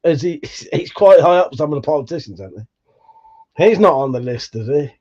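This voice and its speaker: A man's voice: a little high, lively intonation, brisk, mellow. Laid-back British man, dull lo-fi audio. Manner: laid-back, swears freely, chuckles often. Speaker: livestream host. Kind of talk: casual live chat, reading out viewer comments.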